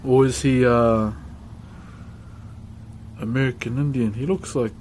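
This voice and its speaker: A man's voice: mid-range voice, fairly even intonation, a little slow, darkish tone, a little hiss or hum. A man with a New Zealand accent chatting casually on a livestream while woodcarving, laid-back and laughing often as he greets his chat.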